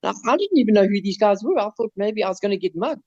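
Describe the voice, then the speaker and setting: A man with a South African accent, casually telling a story on a podcast, animated, swearing and stumbling over his words. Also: high-pitched, fast talker. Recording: slightly dull lo-fi sound.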